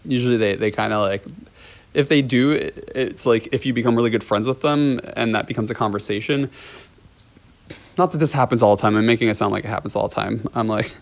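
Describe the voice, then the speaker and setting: A man's voice: on the low side, fairly quick, vocal fry. A man who hosts a podcast and teaches ballet, telling a story in a loose, rambling way with many fillers and restarts and frequent chuckles. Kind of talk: casual storytelling.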